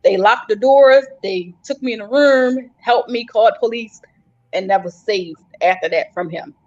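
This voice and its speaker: A woman's voice: on the high side, normal speed. Woman telling her story on a muffled stream. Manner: vivid retelling, acts out her own cries for help. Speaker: guest survivor. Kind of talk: storytelling on a live panel. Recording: dull lo-fi livestream audio.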